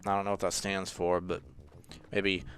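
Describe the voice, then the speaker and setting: Faint music sits behind a young male gaming channel host whose low voice stays level at a moderate pace. He rambles and jokes through casual let's-play commentary, gets frustrated quickly, and leans heavily on fillers.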